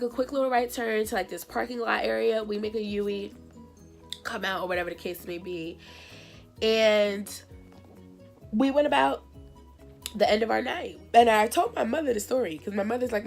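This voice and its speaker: Animated woman telling a story, gravelly voice. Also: medium pitch. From New Jersey. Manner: animated, acts out dialogue in voices. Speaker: vlogger. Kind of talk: casual storytime.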